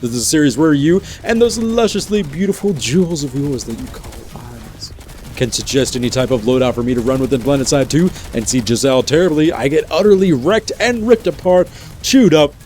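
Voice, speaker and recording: A man's voice: a little high, animated, moderate pace, a little mellow, faint music behind. A man hosting a gaming video in a playful, jokey commentary style with teasing asides. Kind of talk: casual game commentary.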